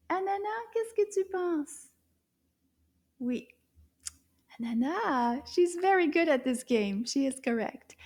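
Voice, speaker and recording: A woman teaches young children in a slow, patient voice. Her voice sits high but sounds mellow, and she often drops to a soft whisper. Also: breathy edge. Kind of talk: slow, clear teaching to kids.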